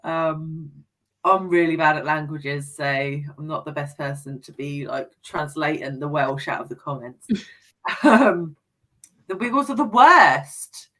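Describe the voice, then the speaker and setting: A woman's voice: low voice, measured pace, fairly bright tone, poor audio. A woman in her forties hosting a casual book chat, reading out comments and laughing often. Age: 40s. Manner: chatty, laughs often, reads comments aloud. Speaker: podcast host.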